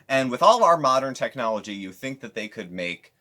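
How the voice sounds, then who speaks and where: A man hosting a casual commentary show, recapping another creator's videos with animated, sarcastic asides. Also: medium pitch, fairly quick. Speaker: commentary channel host.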